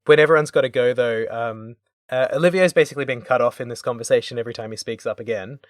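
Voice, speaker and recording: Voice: mid-range voice, fast, no room sound. Co-host, dry studio sound, wry, teasing, voices quoted characters in passing. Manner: wry, playfully mocking, acts out quoted lines. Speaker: podcast co-host. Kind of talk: casual chat about a video game.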